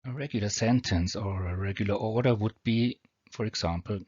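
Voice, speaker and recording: A low-voiced man with a German accent walks through English grammar rules. He speaks slowly and deliberately and reads each example with care. The recording is dry and dull, as if made on a cheap mic at home. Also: a little mellow, husky, no echo. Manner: slow, deliberate, reads example sentences carefully. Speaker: teacher. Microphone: built-in or cheap mic.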